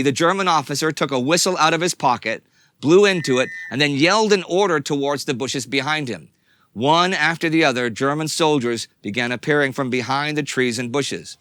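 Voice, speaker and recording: Bright, tense dramatic male narrator. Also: fairly high pitch, no room sound. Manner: dramatic storyteller, swings between tense and hushed. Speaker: history show narrator. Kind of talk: scripted documentary narration.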